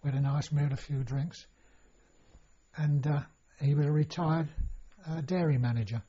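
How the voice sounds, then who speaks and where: Older man, husky, warm reminiscing. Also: on the high side, steady tone, normal speed. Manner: rambling storytelling with many fillers and restarts. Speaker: interviewee. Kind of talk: oral history reminiscence. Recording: dull lo-fi recording.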